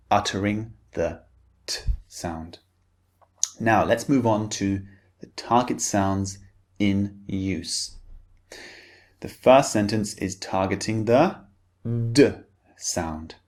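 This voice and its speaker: A man's voice: sits low, a little mellow. A man teaching pronunciation, speaking carefully and enunciating each word for learners to repeat. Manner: slow, careful, clearly enunciated drills. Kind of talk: pronunciation lesson.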